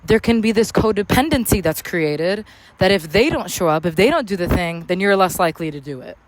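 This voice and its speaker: Loud, candid woman podcast host. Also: on the low side, lively intonation, fairly quick, a little hiss or hum. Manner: loud, candid, slangy and profane. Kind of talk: casual motivational podcast monologue. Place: outdoors in a public spot near traffic.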